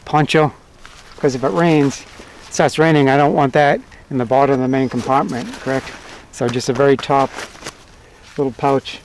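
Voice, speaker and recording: A man's voice: mid-range voice, normal speed, a little hiss or hum. Plain-spoken man reviewing gear outdoors. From United States. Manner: relaxed, plain-spoken, lists items one by one. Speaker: bushcraft channel host.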